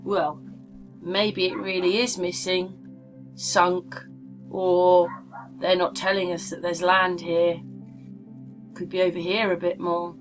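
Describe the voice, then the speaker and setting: A woman's voice: fairly low pitch, level tone, takes it slowly, long pauses, faint music behind. Chatty woman rambling over maps. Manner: chatty, meandering, asks the viewer questions. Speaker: vlogger.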